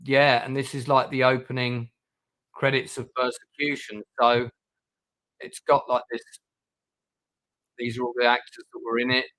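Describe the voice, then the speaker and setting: A man's voice: medium pitch, level tone, a little slow, pauses often, a bit bright. A man hosting a livestream, chatting casually with guests, with lots of fillers and restarts. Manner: rambling, many fillers and restarts. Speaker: channel host.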